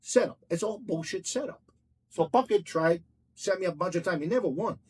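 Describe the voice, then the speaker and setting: A man's voice: sits high, animated, a little fast, husky. A man who owns a restaurant tells a heated, profane story in an interview, blunt and swearing constantly as he acts out each exchange. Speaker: restaurant owner.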